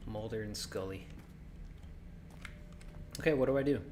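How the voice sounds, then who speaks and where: A man's voice: lowish voice, normal speed, a little mellow, slight background noise. A man streaming a game, chatting casually and joking as he thinks aloud, his voice a little sore. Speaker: gaming streamer. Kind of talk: casual let's-play commentary.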